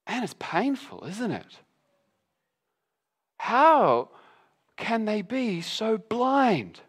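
Guy preaching a sermon in a church hall, higher voice, animated, acts out the lines in quick little voices. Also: husky.

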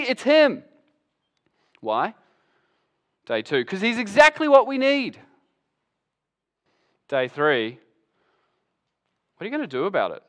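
A man preaching a sermon as pastor, animated and acting out the voices of Bible figures. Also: fairly high pitch, clear, resonant tone.

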